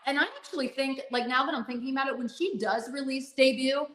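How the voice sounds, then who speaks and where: A woman's voice: high voice, fairly even intonation, fast talker, a bit bright. Gushing woman in an echoey room. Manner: gushing, rambling with many fillers. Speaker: podcast co-host. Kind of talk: casual fan chat.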